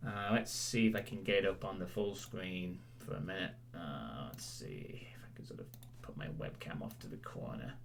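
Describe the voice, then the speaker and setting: A man's voice: low-pitched, moderate pace, gravelly, a little hiss or hum. A man hosting his stream, rambling casually and joking as he recaps past events for viewers. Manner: rambling, self-correcting, jokey. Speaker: streamer host.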